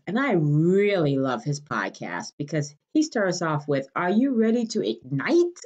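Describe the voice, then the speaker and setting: A woman podcast host from Detroit tells a casual story to her listeners. Her pitch is a little low but swings widely, and she jumps up into a brighter voice when she acts out what people said. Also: muffled recording. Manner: animated, acts out quotes in a lively higher voice.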